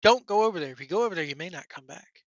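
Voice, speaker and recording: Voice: mid-range voice, animated, rapid-fire, dry recording, dull audio. A wrestling news vlogger, ranting bluntly and sarcastically with casual profanity. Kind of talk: casual opinion rant.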